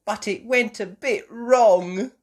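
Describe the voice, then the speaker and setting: A woman voicing an excitable little girl pig in a storybook reading, with high, loud, excited calls. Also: slow pace.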